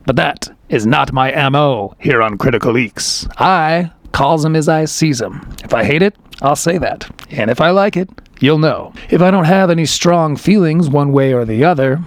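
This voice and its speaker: A man's voice: mid-range voice, no echo. A man hosting a review video, giving casual commentary with wry, chatty, self-aware asides. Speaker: comedy special reviewer.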